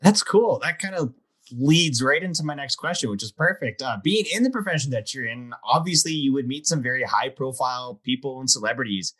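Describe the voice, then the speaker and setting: Breathy-voiced man hosting a podcast. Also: medium pitch, lively intonation, brisk, fairly bright tone. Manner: encouraging with short reactions. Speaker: podcast host. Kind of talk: casual interview questions.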